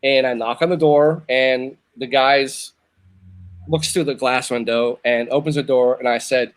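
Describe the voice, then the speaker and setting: A fifties-aged show host from Northern Virginia speaks at medium pitch with fairly even intonation and a slightly slow delivery. In a casual chat he tells a lengthy personal story, drifting, repeating himself, and beginning sentences again.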